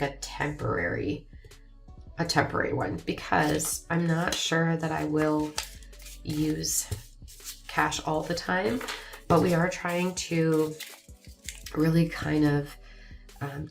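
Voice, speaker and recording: A young woman with a scratchy voice, chatting casually and rambling a little as she walks viewers through her budget plans. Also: low-pitched. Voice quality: scratchy, raspy voice. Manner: chatty, rambling, self-deprecating. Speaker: vlogger. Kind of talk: casual planning vlog chat.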